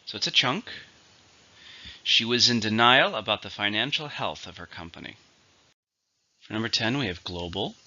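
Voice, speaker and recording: A man's voice: on the low side, expressive, normal speed, long pauses, pushed and bright. A man teaching an English vocabulary lesson, going methodically through each word's syllables and stress. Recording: dull lo-fi recording.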